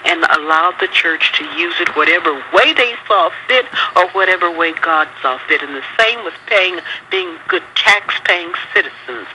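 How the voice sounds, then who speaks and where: A woman's voice: on the low side, sharp tone, a little hiss or hum. Outraged older woman calling in. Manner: impassioned, indignant, emphatic. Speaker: caller. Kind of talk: emotional phone call. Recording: phone line on the radio.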